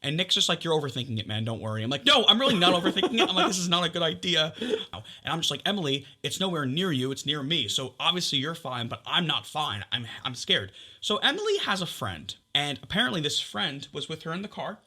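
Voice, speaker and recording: A young man tells a story on a casual podcast, animated and laughing, swearing freely as he goes. His voice sits a little high and sounds very bright and forceful. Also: a little fast. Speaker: podcast co-host. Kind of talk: casual chat.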